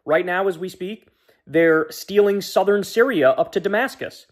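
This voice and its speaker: A man in a played political commentary clip, listing points briskly and indignantly. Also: sits high.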